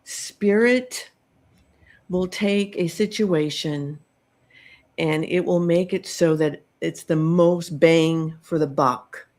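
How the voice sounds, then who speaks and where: A middle-aged woman hosting a podcast, telling a personal story in a slow, reflective way with many pauses and ums. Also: on the low side, a little mellow. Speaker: podcast host telling her own story.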